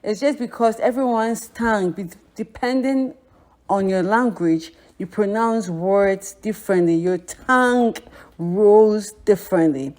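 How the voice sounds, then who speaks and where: A woman's voice: mid-range voice, a little slow, a little mellow. A woman with a Ghanaian accent teaching a language lesson, patiently repeating phrases for learners to say back. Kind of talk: language lesson, drilling pronunciation.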